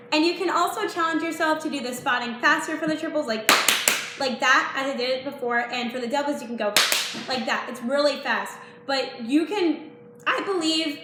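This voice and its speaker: A woman's voice: high-pitched, brisk. A young woman teaching dance, chatty and apologetic, counting the beats aloud. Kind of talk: dance tutorial vlog. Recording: echoey room with faint noise.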